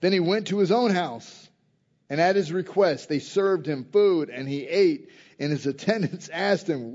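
A man preaching a sermon in a casual, conversational way, swinging from loud emphasis to quiet intensity. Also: on the high side, measured pace, lo-fi sound. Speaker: pastor.

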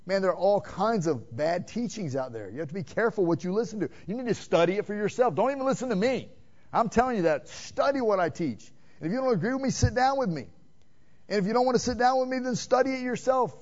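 A man preaching a sermon, asking the congregation questions and swinging between loud emphatic calls and hushed, quiet passages. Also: high-pitched, lively intonation, fast talker. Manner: direct, addresses listeners with "man" and rhetorical questions. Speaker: pastor. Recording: dull lo-fi sermon recording.

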